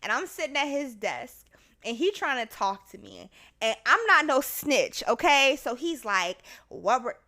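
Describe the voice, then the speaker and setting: A woman podcast host telling a story in casual chat, animated and laughing, acting out the people in it. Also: high-pitched, a little slow.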